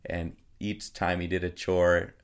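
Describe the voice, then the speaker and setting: Low-voiced man telling lively family stories. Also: unhurried, clean tone. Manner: animated storyteller who acts out his kids. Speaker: podcast guest. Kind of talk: casual storytelling.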